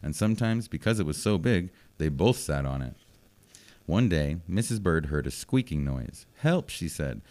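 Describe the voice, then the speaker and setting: Deep-voiced man reading a children's story. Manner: slow, even, simple phrasing for children.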